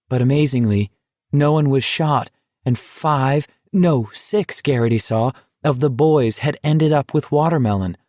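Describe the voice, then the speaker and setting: A man's voice: mid-range voice, a little mellow, no room sound. Man narrating an audiobook, dry studio sound. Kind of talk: scripted narration.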